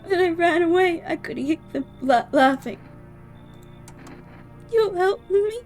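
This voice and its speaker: A woman's voice: very high-pitched, expressive, measured pace, darkish tone, soft background music. A woman voicing a terrified little girl who is crying and stammering. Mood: sobbing. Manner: stammering, sobbing.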